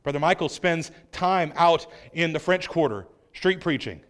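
A male pastor preaching a sermon, acting out quoted voices and swinging from loud outbursts to hushed lines. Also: a little high, lively intonation, moderate pace.

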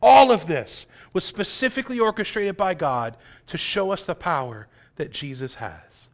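Pastor guy preaching, pretty high voice, gets real quiet then loud again. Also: lively intonation, moderate pace. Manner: dramatic, swings between loud and hushed. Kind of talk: sermon.

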